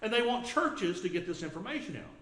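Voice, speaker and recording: A middle-aged man preaches a sermon in an earnest, chatty way and often repeats himself. His voice sits a little high. The sound carries the echo of a church sanctuary. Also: big pitch swings, a little fast, fairly bright tone. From United States. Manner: earnest, conversational preaching with repetitions. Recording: echoey church room.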